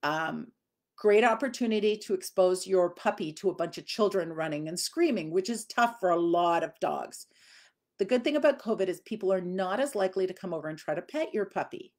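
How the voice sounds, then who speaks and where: A woman's voice: mid-range voice, animated, fairly quick, a little mellow. Chatty woman dog trainer. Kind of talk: live Q&A teaching.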